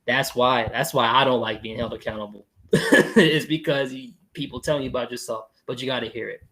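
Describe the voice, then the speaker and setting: A man's voice: mid-range voice, steady tone, fairly quick, fairly bright tone. Earnest young man reflecting on faith. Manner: earnest, thoughtful, chuckles often. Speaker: podcast guest.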